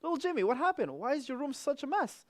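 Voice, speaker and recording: A man's voice: very animated, quick pace. A man voicing a caring but firm mother in a sermon story. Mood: coaxing. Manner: coaxing, pitched up.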